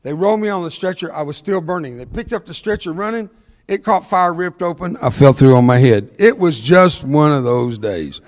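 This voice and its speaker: An older man, giving a motivational speech that mixes jokes with storytelling and talks fast. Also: fairly high pitch, in a large hall. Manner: energetic, joking, fast-talking. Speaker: motivational speaker. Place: large hall before an audience.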